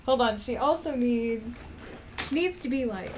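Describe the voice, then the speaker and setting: An animation creator thinks aloud while planning a character, rambling with lots of fillers and laughing at herself. Her voice sits a little high and she takes her time, with slight background noise.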